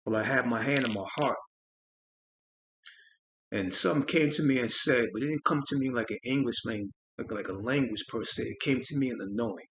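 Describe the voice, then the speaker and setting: A man hosting a spiritual channel, telling a personal experience in an earnest, reflective way, often halting and repeating words. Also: mid-range voice, a bit bright, a little hiss or hum. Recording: roomy echo.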